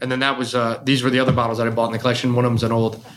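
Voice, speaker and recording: Fast-talking man telling rambling stories. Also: medium pitch, level tone, fairly bright tone, slight background noise. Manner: rambling storyteller, trailing off and restarting. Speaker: bar owner and whiskey collector. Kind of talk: casual chat.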